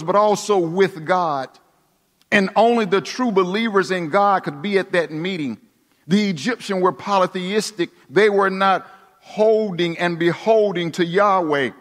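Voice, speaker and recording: A man preaching a sermon, dramatic, dropping to hushed tones and rising again for emphasis. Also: high voice. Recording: long reverb of a large hall.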